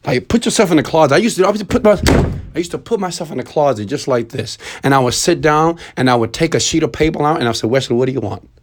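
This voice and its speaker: A man in his thirties delivering a preachy motivational monologue to viewers, swinging between loud urging and quiet, intimate asides. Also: on the high side, expressive, fast talker. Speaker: motivational speaker.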